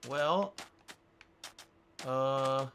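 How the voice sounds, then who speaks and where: A man's voice: mid-range voice, extremely slow, a bit bright, slight background noise. A man streaming a game live, rambling, thinking aloud and reading out viewer tips. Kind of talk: live-stream gaming commentary.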